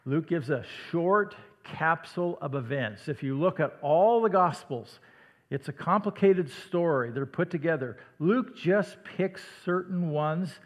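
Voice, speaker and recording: A man from Iowa with a slight Midwestern accent, preaching a sermon in a conversational way that sometimes drops to a hush. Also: on the high side, measured pace. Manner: conversational, dramatic dips to a hush. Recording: long hall reverb.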